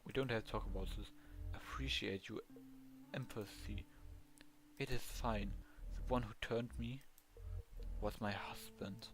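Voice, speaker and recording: A man's voice: fairly low pitch, fairly even intonation, faint music behind, poor audio. A man with a German accent reading the lines of a melancholy, formal female vampire ghost in a video game. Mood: wistful. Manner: slow, formal, subdued reading.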